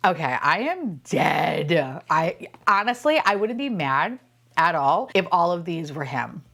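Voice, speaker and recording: A woman chats through a toy unboxing in a casual, gushing way. Her pitch swoops up and down, and she squeals and curses as each box opens. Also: big pitch swings, moderate pace. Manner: gushing, squeals and swears often. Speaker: unboxing vlogger.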